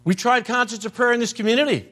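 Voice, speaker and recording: A man's voice: extremely high pitch, quick pace, a bit bright. An older man preaching a sermon as a pastor. He tells stories, acts out family members' voices and repeats phrases for emphasis.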